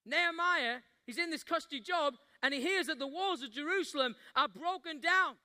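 High-pitched, bright-voiced preacher. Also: male voice, normal speed. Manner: passionate preaching, acting out Bible scenes with rising intensity. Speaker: pastor. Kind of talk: sermon.

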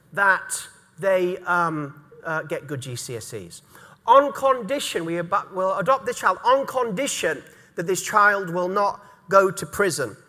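Middle-aged northeast pastor preaching, high-pitched and earnest, big echoey church hall. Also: male voice, pushed and bright. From North East England. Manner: earnest, repeats key words for emphasis. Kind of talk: sermon.

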